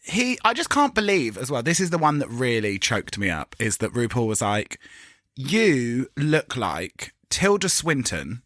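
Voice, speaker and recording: A man co-hosting a podcast, talking casually in an animated, giggly way and swearing freely. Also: mid-range voice, fairly quick, few pauses, no echo, studio quality. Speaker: podcast co-host. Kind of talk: casual chat.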